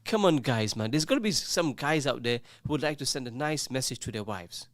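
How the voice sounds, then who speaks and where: A man's voice: mid-range voice, lively intonation, brisk, a bit bright, no echo, clean studio sound. A man presenting a casual radio show, chatting, teasing his co-host and reading out listener messages. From England. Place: radio studio. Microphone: studio microphone.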